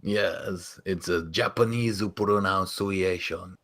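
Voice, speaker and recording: A man's voice: low voice, fairly even intonation, slow, fairly bright tone. A man co-hosting a live game design stream, teasing his partner and reading viewer messages aloud. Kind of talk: casual chat.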